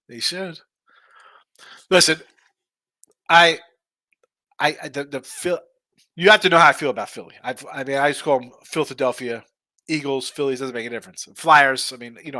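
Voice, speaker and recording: A man's voice: medium pitch, moderate pace, long pauses, pushed and bright, no echo. A middle-aged man hosting a sports betting show, chatting casually and bluntly ranting while reading viewer comments.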